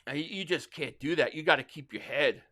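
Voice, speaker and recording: A man's voice: fairly high pitch, brisk, sharp tone. A man hosting a live football reaction stream, rambling with frustration and reading out viewer messages. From Philadelphia area. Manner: frustrated, rambling fan talk reading super chats. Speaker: livestream reaction host.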